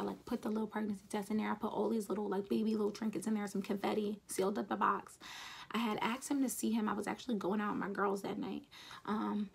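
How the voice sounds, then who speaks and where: A young woman talks straight to her camera in a loose, chatty storytime, recounting events frankly and slipping into what others said. Her voice is husky, with a gravelly, creaky texture and an ordinary middle pitch. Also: fairly bright tone. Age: young adult. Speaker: vlogger. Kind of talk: casual storytime.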